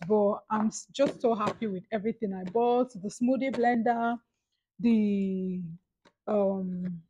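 A woman's voice: fairly high pitch, slightly rough, no room sound, rough recording. A young woman with a Nigerian accent, chatting casually and gushing over her purchases in an unboxing vlog. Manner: gushing, excitable. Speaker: vlogger.

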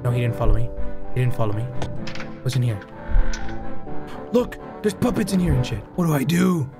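A man's voice: mid-range voice, sing-song, brisk, loud music behind the voice. A young Mexican man with a Mexican accent, hosting a horror game playthrough, jumpy, swearing and switching languages, shrieking when startled. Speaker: gaming host. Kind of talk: excitable horror gameplay commentary.

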